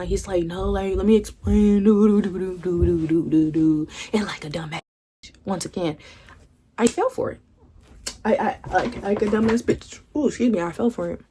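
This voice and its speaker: A woman's voice: on the low side, dark tone, slight background noise. A young woman vlogger telling a candid storytime, swearing freely and acting out what her friends said. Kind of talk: casual storytime.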